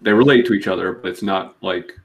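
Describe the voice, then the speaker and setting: A man from Massachusetts co-hosting a casual comic book chat, talking in a halting way with many restarts. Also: low-pitched. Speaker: podcast co-host.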